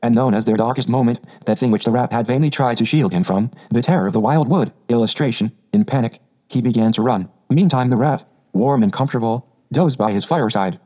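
Male audiobook narrator, measured and even, dark mellow tone, slightly muffled recording. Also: medium pitch.

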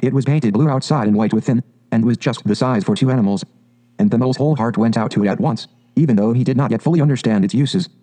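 A man reading a storybook aloud in a calm, measured, expressive way. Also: mid-range voice. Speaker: audiobook narrator. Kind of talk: scripted storybook narration.

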